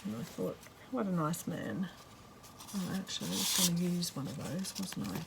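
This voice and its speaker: A woman's voice: fairly low pitch, moderate pace, vocal fry, heavy background noise. A woman chatting casually as she works on a craft journal, rambling and breaking off with fillers. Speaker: craft vlogger. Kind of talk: casual chat while crafting.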